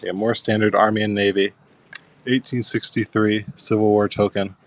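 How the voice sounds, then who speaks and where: Young male auction host, deep and even-toned, easygoing live-stream patter. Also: normal speed. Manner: easygoing, describes coins and thanks bidders. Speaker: coin auction seller.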